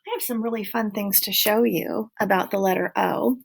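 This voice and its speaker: A woman teaching a phonics lesson to young children, speaking slowly and clearly and stretching out sounds in an encouraging way. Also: medium pitch, steady tone, background noise.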